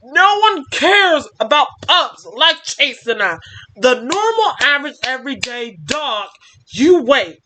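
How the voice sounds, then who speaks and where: A woman voicing an angry young male pup, shouting high and tearful while reading a story aloud. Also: sing-song, unhurried, heavily acted, rough recording. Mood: bitter, defiant.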